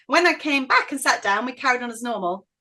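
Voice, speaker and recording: A middle-aged woman with a northern English accent, telling stories as an interview guest in an outspoken, animated way. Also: a little high, fast talker. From northern England. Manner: outspoken, animated, acts out quoted voices. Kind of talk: casual interview storytelling.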